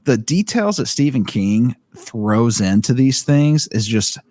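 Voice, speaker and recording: A man's voice: mid-range voice, lively intonation, slow pace, dark tone, no room sound, clean studio sound. A man co-hosting a book podcast, talking in a rambling, enthusiastic way with lots of fillers. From living in Indiana. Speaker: podcast co-host. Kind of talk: casual book discussion.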